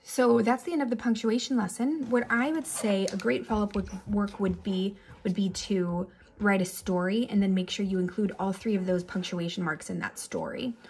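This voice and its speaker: A woman teacher giving a relaxed, chatty remote lesson to children, with animated examples and little asides. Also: mid-range voice, moderate pace, a little hiss or hum.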